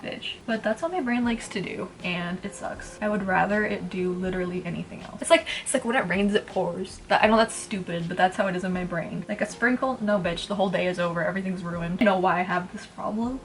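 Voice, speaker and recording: A twentysomething beauty vlogger rambles bluntly while doing her makeup at home, swearing freely in a casual get-ready-with-me chat. Her lowish voice goes a little fast with hardly any pauses.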